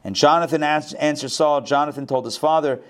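Reading verses aloud for his Bible class, a man with a fairly high voice keeps interrupting himself with casual remarks, restarts and quick asides.

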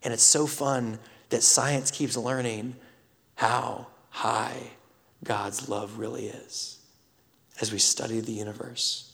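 A man, preaching a sermon that swings from loud scripture reading to hushed whispers. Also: medium pitch, steady tone, takes it slowly, gravelly. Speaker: pastor. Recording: long reverb of a large hall.

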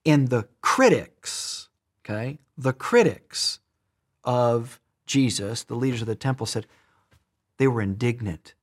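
A man preaching a sermon in an emphatic way, repeating words and shifting between loud and soft. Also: medium pitch, expressive, slow.

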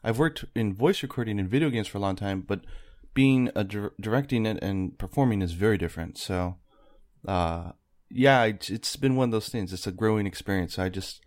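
A soft-spoken man talks as a podcast guest in a low voice. He is modest and rambles along, often starting sentences over. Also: a little fast. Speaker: podcast guest, video creator. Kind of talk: casual podcast chat.

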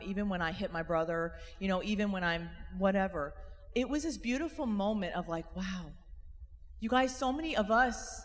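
Lively woman preaching in a big hall. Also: mid-range voice. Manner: lively and animated, often asks the crowd. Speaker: speaker. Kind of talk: faith talk to a live audience. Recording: long hall reverb.

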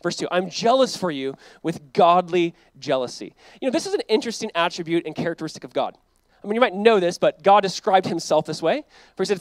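High-voiced casual man preaching. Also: lively intonation, fast talker, no echo. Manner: conversational preaching, acts out quoted voices, frequent "like". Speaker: pastor. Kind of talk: sermon.

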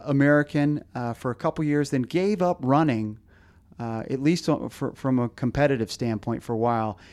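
A man with a fairly high, slightly mellow voice hosts a running podcast, talking casually. He sounds hesitant, often stumbling over fillers and restarts.

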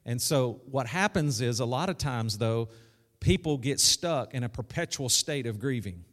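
A man preaching a sermon as pastor, conversational, repeating key lines and calling out to the congregation. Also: mid-range voice. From South Arkansas. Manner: conversational preaching with repetition and call-outs. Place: church sanctuary. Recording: echoey church hall.

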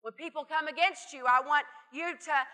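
A woman's voice: sits high, steady tone, moderate pace, pushed and bright. A woman preacher delivering an emphatic sermon in a church, drawing out key phrases and calling on the congregation to answer back. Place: church hall. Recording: hall reverb.

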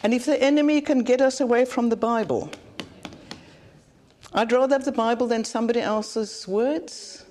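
A slight background noise accompanies this South African conference speaker, whose voice sits on the high side with a darkish tone and moderate pace. Her sermon is earnest and plain-spoken, with phrases frequently repeated for emphasis.

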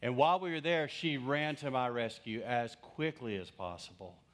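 A man's voice: medium pitch, moderate pace. A male pastor preaching through a humorous personal story and acting out the quoted voices of the people in it. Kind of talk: storytelling sermon.

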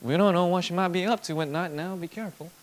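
A man's voice: high voice, fast talker, slight background noise, pitched above the performer's own voice, lightly acted. A man voicing wary, skeptical village elders in a put-on Southern US accent, with a mock-cautious drawl.

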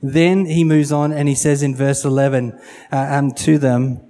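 Mellow-voiced male preacher. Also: medium pitch, flat delivery, moderate pace. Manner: acts out quotes, repeats phrases for emphasis. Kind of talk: sermon.

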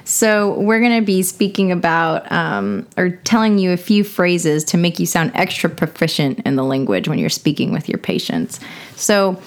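A woman's voice: fairly low pitch, lively intonation, moderate pace, hardly any pauses. Playful, laughing podcast host woman. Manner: laughs often, asks playful questions. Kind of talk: casual podcast chat.

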